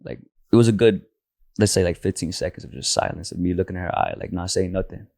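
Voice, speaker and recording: A man's voice: deep voice, fast, darkish tone, no room sound. A man telling a personal story in casual slang, saying "bro" nearly every line, speaking into a handheld mic. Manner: slangy, says "bro" constantly. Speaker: podcast co-host.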